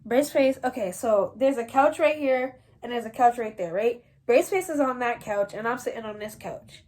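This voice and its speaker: A woman's voice: fairly high pitch, moderate pace. Slangy young New woman telling a story. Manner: slangy, animated, addresses viewers as y'all. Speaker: vlogger. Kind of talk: casual storytelling to viewers.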